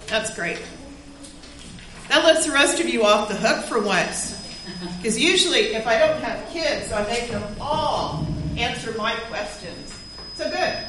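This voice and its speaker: Woman pastor, gentle and encouraging, somewhat high voice, captured from across an echoey church. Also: sing-song, unhurried, noisy background. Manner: gentle, encouraging, coaxing questions. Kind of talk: reading and children's sermon. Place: church sanctuary.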